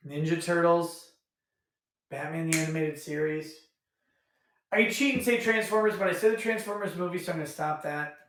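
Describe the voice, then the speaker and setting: A man runs a casual livestream, musing aloud and often breaking off to restart his sentences. He speaks at a normal speed in a fairly high voice with a fairly bright tone, and the audio carries a roomy echo.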